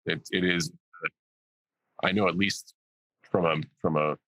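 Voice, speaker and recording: A man's voice: sits low, steady tone, measured pace, fairly bright tone, no echo, rough recording. A man in his forties, a guest on a podcast, answering questions in a dry, sarcastic, joking way. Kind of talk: casual interview answers.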